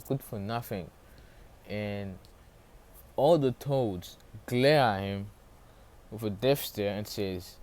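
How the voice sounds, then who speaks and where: Low-voiced man rambling through a story. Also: takes it slowly, long pauses, a little mellow. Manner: rambling, loses track of names, many fillers. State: sore throat. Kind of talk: casual fan-story retelling.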